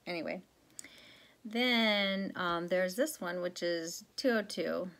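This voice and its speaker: Woman, lowish voice, casual rambling vlogger chat with fillers. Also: takes it slowly, fairly bright tone. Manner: chatty, rambling, many fillers and self-corrections. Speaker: cross-stitch vlogger.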